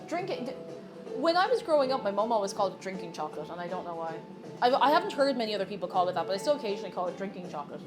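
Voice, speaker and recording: With big swings in pitch around a medium level, an Irish woman talks fast while baking on stream in her home kitchen, music playing behind her. She's playful and teasing, joking with her chat casually.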